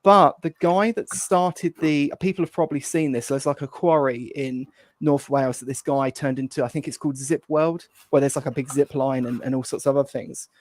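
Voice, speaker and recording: A man's voice: medium pitch, steady tone, normal speed, no room sound. A man chatting casually as a co-host on a political podcast, rambling and hesitant with many fillers. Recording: dry close sound.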